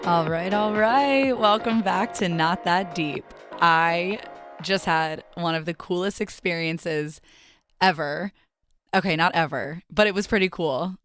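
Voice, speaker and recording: A woman's voice: fairly low pitch, unhurried, a bit bright, faint music behind. A young woman hosting her podcast, telling stories in a chatty, profane way from a studio mic. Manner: chatty, profane, storytelling with asides. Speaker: podcast host. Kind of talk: casual solo podcast monologue. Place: radio studio.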